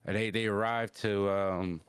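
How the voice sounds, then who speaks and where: A man with a low, smooth voice casually recaps an anime episode on his podcast. He rambles along in loose slang, restarting sentences and stringing thoughts together with "like." The sound is dry and close. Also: fairly even intonation, unhurried, no echo. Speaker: podcast host.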